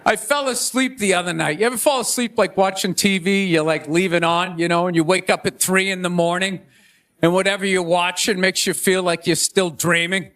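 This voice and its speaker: Loud high-pitched Boston man ranting on stage. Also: brisk. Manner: animated, shouting, mocking impressions. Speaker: stand-up comedian. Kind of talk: stand-up comedy rant. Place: comedy stage before a live audience. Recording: live stage with crowd laughter.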